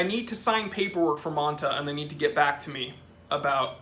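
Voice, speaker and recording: A man's voice: fairly high pitch, expressive, fairly quick, pushed and bright, a little hiss or hum. A young man hosting a live-stream watch Q&A, chatty and off the cuff, reading out viewer comments and answering them. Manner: chatty, answers questions off the cuff, talks to his cats. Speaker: watch channel host.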